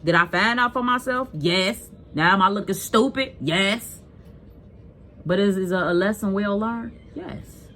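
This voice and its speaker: A mother telling viewers a personal story in a casual vlog, blunt and scolding, animated and emphatic. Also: medium pitch, unhurried, slight background noise.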